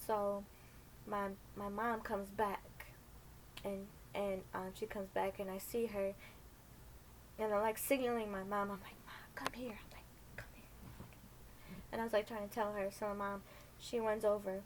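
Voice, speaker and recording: A woman's voice: medium pitch, little pitch movement, moderate pace, slight background noise, low-quality recording. A young woman in her twenties telling a story casually, rambling with lots of fillers and acting out the people in it. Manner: rambling, many fillers, acts out voices. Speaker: storytime vlogger.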